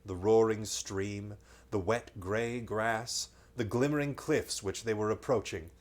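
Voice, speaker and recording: A man's voice: on the low side, measured pace. Male storyteller for a bedtime reading; reads steadily, drops in light jokes. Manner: reads aloud, breaking off for playful joking asides.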